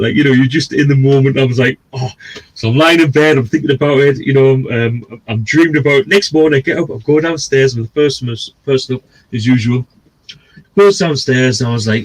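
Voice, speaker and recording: A man with a husky, slightly rough voice tells a rambling, sweary story, animated and loose. His pitch sits in an ordinary middle range for a man. He sounds relaxed and chatty, like a stream co-host chatting with mates. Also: a little fast, rough recording. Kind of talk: casual storytelling.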